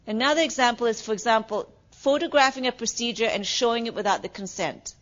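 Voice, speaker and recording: Woman, middle-aged, nursing instructor, classroom lecture, conversational, slightly high voice, dull lo-fi recording. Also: quick pace. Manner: conversational, asks the class questions, many "okay"s.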